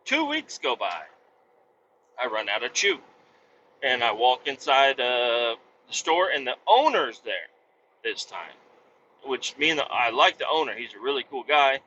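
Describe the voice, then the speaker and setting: Male podcast host, rambling comic storyteller, bright, lively voice, lo-fi sound. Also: medium pitch, unhurried, long pauses. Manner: animated, profane, rambling. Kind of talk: casual comedic storytelling. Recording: dull lo-fi with faint noise.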